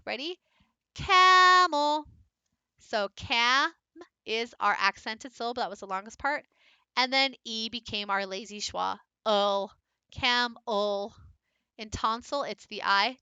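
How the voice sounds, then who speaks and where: A woman's voice: fairly high pitch, sharp tone, clear, resonant tone, no room sound, dull audio. A woman leading a book study, teaching phonics and modelling vowel sounds aloud step by step. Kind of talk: phonics lesson.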